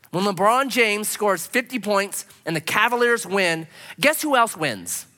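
Animated preacher, bright voice in a hall. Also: male voice, on the high side. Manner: animated preaching, rhetorical questions. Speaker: pastor. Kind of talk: sermon.

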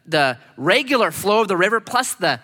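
Animated high-voiced man preaching in hall. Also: normal speed. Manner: animated storyteller, acts out voices. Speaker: pastor. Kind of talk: sermon with personal story.

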